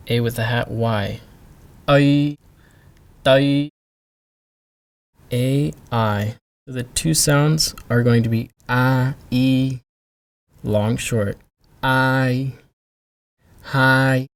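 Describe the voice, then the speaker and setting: A man leads a pronunciation lesson at an unhurried, careful pace. He spells out each sound and says the example words again and again so they can be copied. His pitch sits in the middle of the usual male range. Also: vocal fry, darkish tone. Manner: slow, deliberate, repeats sounds for drill. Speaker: language teacher.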